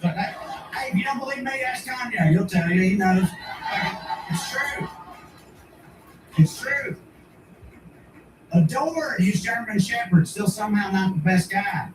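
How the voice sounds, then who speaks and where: A man's voice: high voice, lively intonation, a little slow, long pauses, music in the background. A man from rural Tennessee, doing a brash, profane stand-up comedy set. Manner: brash, profane, conversational punchlines. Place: comedy club stage. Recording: roomy and distant with ambient noise.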